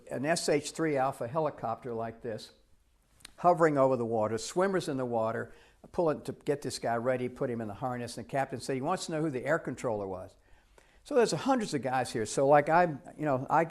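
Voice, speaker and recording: A man's voice: medium pitch, fairly quick. An older man telling a personal story in a talk, acting out the dialogue as he goes. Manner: animated, acts out dialogue in the story. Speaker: speaker.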